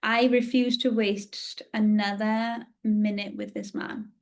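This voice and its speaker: A woman in her thirties hosts her own podcast and recounts a personal story directly to the listener. Her voice sits at a middle pitch, and she speaks in a candid, confessional and emotionally open way. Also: little pitch movement, slow, vocal fry. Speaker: podcast host.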